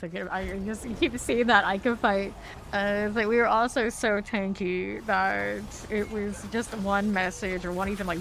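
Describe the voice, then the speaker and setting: A woman's voice: medium pitch, gravelly. A woman streamer chatting casually and thinking aloud while she sorts loot during gameplay commentary.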